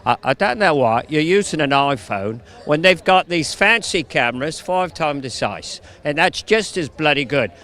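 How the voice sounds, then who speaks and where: A man's voice: a little high, expressive, moderate pace, hardly any pauses, fairly bright tone. A man putting on an impression of a wry, older British film actor, with a lilting, drawled delivery.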